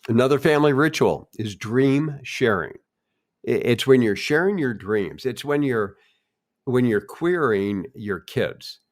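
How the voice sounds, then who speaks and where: A man's voice: medium pitch, animated, a little slow. An older man co-hosting a family podcast, folksy and encouraging in tone. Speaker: co-host. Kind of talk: casual podcast chat.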